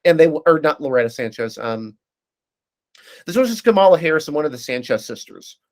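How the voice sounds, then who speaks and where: A man speaking as a guest analyst in a casual political discussion, breaking down races quickly and often restarting his sentences. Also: fairly high pitch, big pitch swings, darkish tone. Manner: fast, analytical, frequent restarts.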